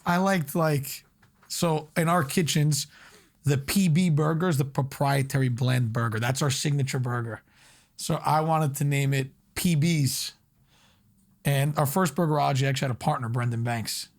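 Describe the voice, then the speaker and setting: A young man from Long Island talks as a guest on a podcast. He is an energetic storyteller and fills his sentences with loose fillers as he recounts his restaurant years. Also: medium pitch, moderate pace. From Long Island, New York. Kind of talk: casual podcast interview.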